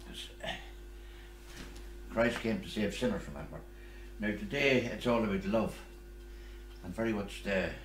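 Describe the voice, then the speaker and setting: A man's voice: deep voice, slight background noise. A man celebrating Mass as a priest, speaking in loose, off-the-cuff asides full of fillers. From Ireland. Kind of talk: leading a Mass with sung hymn and spoken liturgy. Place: small oratory chapel. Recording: echoey room with instrument accompaniment.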